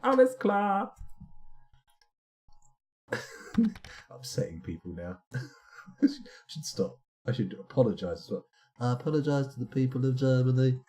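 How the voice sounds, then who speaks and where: A man's voice: mid-range voice, steady tone, fairly quick, dark tone. A man streaming a game live, chatting and rambling to himself as he plays. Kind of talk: live let's-play commentary.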